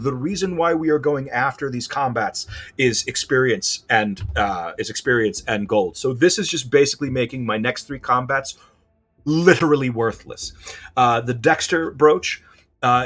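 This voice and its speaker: A man giving casual game commentary, animated and thinking aloud, often correcting himself. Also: medium pitch. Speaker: gameplay commentator.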